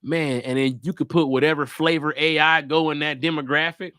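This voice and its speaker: A man hosting a live podcast, talking casually with animated, profane energy. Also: on the high side, fairly quick, no room sound, studio quality. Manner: animated, profane, jumps into loud put-on voices. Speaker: comedian and podcast host.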